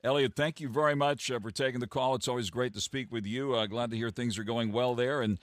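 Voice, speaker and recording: A man hosts a radio finance show from a dry, close studio. His voice sits at a middle pitch. He stumbles a little, doubling words and filling gaps with uh as he reads the numbers. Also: a bit bright, dry recording. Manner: halting, repeats words with frequent uh. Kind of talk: radio business talk and market report.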